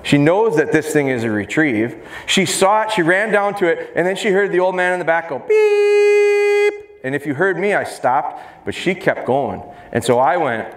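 A man's voice: on the high side, lively intonation, moderate pace, hardly any pauses. A middle-aged man giving a dog training seminar to a live audience, talking energetically and joking with the crowd. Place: large exhibition hall. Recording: roomy hall echo, faint crowd ambience.

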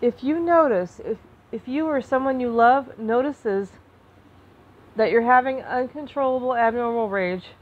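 A woman talking to camera in an emotional personal monologue, impassioned, restarting and repeating herself, flaring into anger and then softening. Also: fairly high pitch, a little slow, phone-quality sound. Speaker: vlogger.

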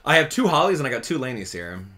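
A man giving casual gameplay commentary as a channel host, chatty and excitable, thinking out loud as he plays. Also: medium pitch, fast.

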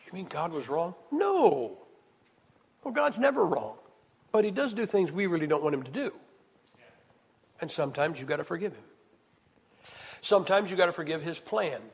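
Man preaching in a big echoey church, kinda husky, goes loud then quiet. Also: on the high side. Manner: animated, swings from loud to hushed. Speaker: evangelist preacher. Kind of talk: camp-meeting sermon. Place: church hall. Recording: reverberant hall sound.

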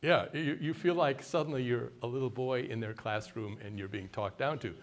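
An older man from the United States, giving a conversational workshop talk and often quizzing the audience with questions. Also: medium pitch. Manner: mimics a haughty deliberate voice at times. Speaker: workshop speaker.

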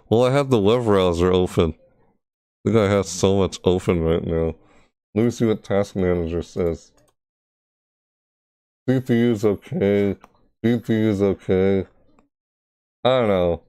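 Slow, smooth-voiced man troubleshooting his stream. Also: fairly low pitch, darkish tone, no echo, studio quality. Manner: frustrated, thinking aloud, talking to chat; repeats words over and over while testing. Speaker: gaming streamer. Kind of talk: casual live-stream commentary.

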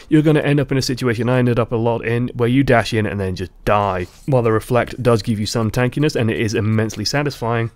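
A man giving measured, explanatory commentary on a video game in a vlog. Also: medium pitch, darkish tone, no echo. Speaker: gaming YouTuber.

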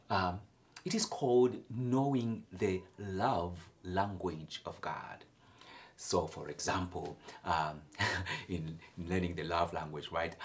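A man from Africa preaching a homily, with sudden loud emphatic lifts and soft near-whispered drops. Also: low voice. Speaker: priest.

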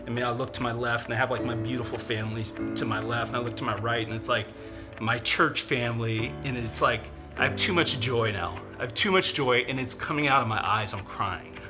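A man's voice: medium pitch, brisk, over music. Man telling a heartfelt church testimony. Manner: animated, candid storytelling with frequent fillers. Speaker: church member giving testimony. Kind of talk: personal testimony.

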